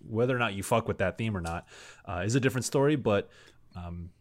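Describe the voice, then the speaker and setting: A man with a fairly low voice talks through a casual gaming podcast discussion. He rambles, restarts sentences and leans on fillers as he works out his thoughts. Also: fast talker. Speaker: podcast panelist.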